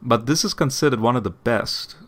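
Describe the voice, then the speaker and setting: A man's voice: mid-range voice, a little fast, fairly bright tone. A man hosting a channel, explaining a point in casual commentary, often repeating words and checking in with "okay?". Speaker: apologetics channel host.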